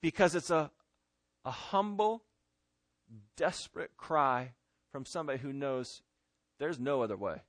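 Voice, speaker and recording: A man with a fairly high voice preaches a sermon and reads scripture aloud. He swings from loud, emphatic stress to hushed, pleading softness. The sound is dry and close, with no room echo. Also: animated, moderate pace, long pauses. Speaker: pastor.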